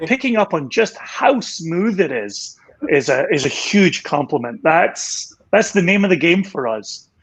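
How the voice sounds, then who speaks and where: Husky Scotsman with a transatlantic accent. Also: on the high side. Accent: transatlantic Scottish. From Scotland. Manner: enthusiastic, self-deprecating, many fillers. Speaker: whisky company co-founder. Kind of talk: casual livestream chat. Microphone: video call.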